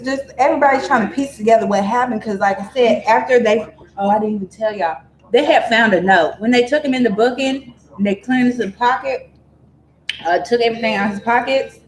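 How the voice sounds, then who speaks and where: A woman vlogger telling a true-crime story in a chatty, digressive way, full of animated asides. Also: a little high, reverberant, slight background noise, poor audio.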